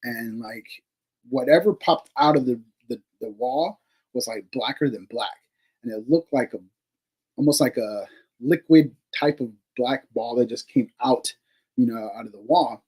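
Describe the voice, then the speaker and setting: A man's voice: medium pitch, unhurried, darkish tone, breathy edge, rough recording. A man, a paranormal investigator, telling a story casually, with many fillers, casual swearing and laughs between remarks.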